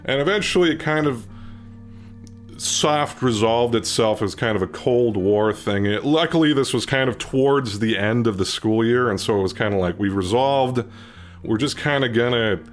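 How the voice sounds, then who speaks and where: A young man hosting a casual vlog, telling a story in an animated, swearing way and climbing loud when he quotes himself. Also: medium pitch, normal speed, soft background music. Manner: animated, profane, rising to near-shouting when quoting himself. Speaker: channel host.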